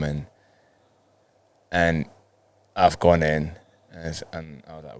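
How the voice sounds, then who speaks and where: Deep-voiced laid-back footballer. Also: male voice, level tone, warm tone, clean tone. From Colombia. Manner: laid-back, acts out dialogue in quick bursts. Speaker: professional footballer, guest. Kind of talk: casual storytelling interview.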